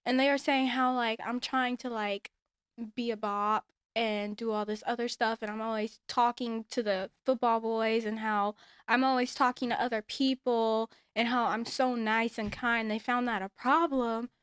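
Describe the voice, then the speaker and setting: A woman with a smooth, resonant voice pitched a little high tells a story in a casual, animated way. She acts out the lines of other people and hands out emphatic advice. The sound is close and dry. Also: normal speed, no echo. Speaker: storyteller sharing a personal experience.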